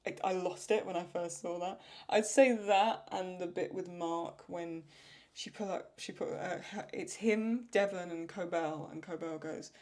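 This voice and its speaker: Chatty woman thinking aloud, slightly low voice. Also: fairly even intonation, moderate pace. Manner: thinks aloud with restarts, laughs when retelling funny lines. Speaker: channel host answering viewer questions. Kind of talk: casual Q&A chat.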